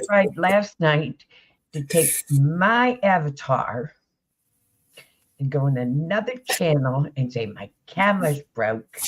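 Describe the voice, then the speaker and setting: Slow-paced, mid-pitched voice, hesitant, fillers and pauses, casual live chat co-host. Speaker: livestream co-host.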